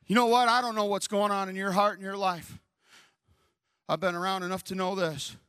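Middle-aged guy preaching, high bright voice, tells a story then gets loud and fiery. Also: steady tone, brisk, clear, resonant tone. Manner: storytelling that builds to shouted preaching. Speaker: pastor. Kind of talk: sermon.

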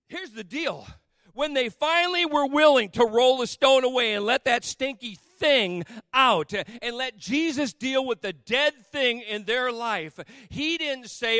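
A man with a strikingly high, bright voice preaches in church. He acts out scripture with playful back-and-forth, then rises into fervent exhortation. The sound is dry and close. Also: lively intonation, normal speed, dry recording. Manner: storytelling with playful acted-out dialogue, building to fervent exhortation. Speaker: pastor. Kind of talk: sermon.

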